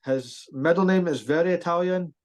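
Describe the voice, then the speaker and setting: A man's voice: on the high side, normal speed. A man hosting a casual rugby podcast, joking and bantering. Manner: jokey, lively banter. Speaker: podcast host.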